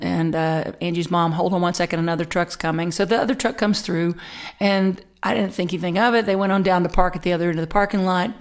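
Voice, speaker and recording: A middle-aged woman pastor telling a personal story in a conversational sermon, with animated delivery and laughing asides. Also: fairly low pitch.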